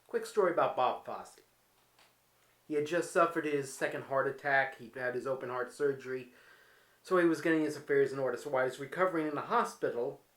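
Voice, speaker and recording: Recorded in an echoey, roomy apartment, a man with a fairly high, somewhat bright voice tells stories in a casual home vlog. His humor runs wry and candid, often poking fun at himself.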